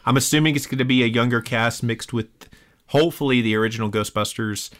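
A man hosting a podcast in casual chat, animated and playful, sounding sick with a cough. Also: medium pitch, quick pace. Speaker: podcast host.

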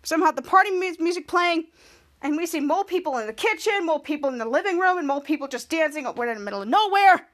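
A woman's voice: extremely high pitch, lively intonation, fast talker, fairly bright tone. A woman podcast host casually recapping a TV episode, rambling and repeating herself as she goes.

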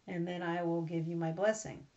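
A woman voicing an old blind father who speaks in a grave, measured way. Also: on the low side, little pitch movement, darkish tone, lightly acted. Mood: solemn. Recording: slightly muffled recording.

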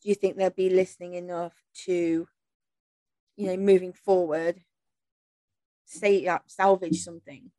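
Slow-talking woman, swears casually. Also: on the low side, flat delivery, dark tone, dry recording. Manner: swears casually, laughs often. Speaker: podcast co-host. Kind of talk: casual chat, gaming quiz.

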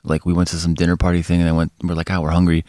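Male podcast co-host, lower voice, rambling casual storyteller, laughs and swears, dry recording. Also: completely flat delivery, rapid-fire, mellow, dry recording.

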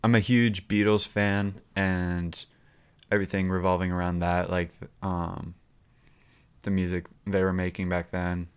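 A man's voice: low-pitched, measured pace, smooth. A young man, a musician guest on a podcast, chatting casually in a loose, rambling way with lots of fillers. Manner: relaxed, filler-heavy rambling. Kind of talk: casual chat.

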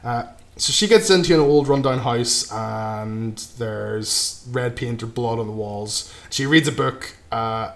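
A man's voice: mid-range voice, slow. Casual man recapping a film. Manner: loose plot recap, trailing off quietly, frequent "right?" and swearing. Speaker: podcast co-host recapping a film. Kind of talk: casual chat.

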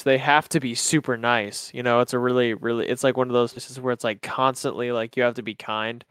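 Animated young man telling a funny story. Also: mid-range voice, clean tone, no room sound, studio quality. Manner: animated storyteller, laughs often, acts out voices. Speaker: podcast co-host. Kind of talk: casual chat, storytelling.

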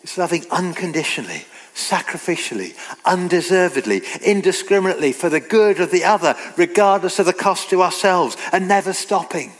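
A man preaching a sermon, earnest and emphatic, slowing down to read scripture aloud. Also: high-pitched, animated. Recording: long reverb of a hall.

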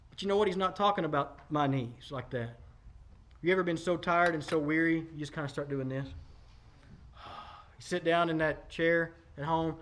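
A man in his forties delivers a sermon with a high, carrying voice. He preaches conversationally, often turning to the congregation with direct asides. He leans hard on key lines for emphasis. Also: fairly quick, a bit bright. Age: 40s. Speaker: pastor.

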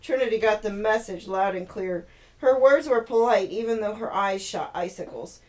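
A woman reading her own novel aloud at home to her daughters, steady and expressive. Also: mid-range voice, moderate pace. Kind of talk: storybook read-aloud to her children.

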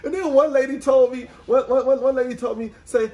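A man's voice: very high-pitched, fairly even intonation, fairly quick, warm tone. A young man with a congested, nasal-sounding voice, chatting on a podcast and telling stories with lots of restarts. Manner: storytelling with many restarts, acting out callers. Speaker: podcast co-host. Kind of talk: casual chat.

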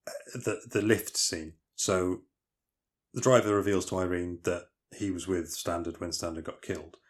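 Podcast co-host, male, very low voice, rambling and detailed scene recaps. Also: steady tone, moderate pace. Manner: retells film scenes in detail with many fillers and restarts. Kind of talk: casual film discussion podcast.

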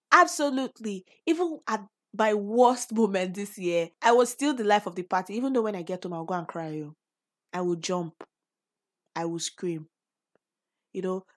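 Earnest Nigerian woman podcasting, slightly low voice. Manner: earnest, encouraging, emphatic bursts. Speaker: podcast host. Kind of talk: personal podcast monologue.

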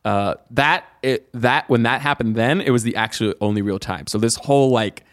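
A man's voice: medium pitch, moderate pace, no room sound, clean studio sound. A man co-hosting a casual film-review podcast, speaking in a laid-back way with short replies. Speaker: podcast co-host.

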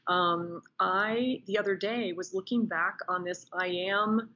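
A woman's voice: medium pitch, measured pace, highs cut off, slight background noise. A woman talking as a podcast guest, telling personal stories with enthusiasm in a casual interview. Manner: enthusiastic, animated storyteller.

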